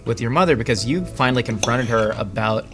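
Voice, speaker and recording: A man hosting a casual interview over a meal, asking relaxed, probing questions. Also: medium pitch, fast, over music.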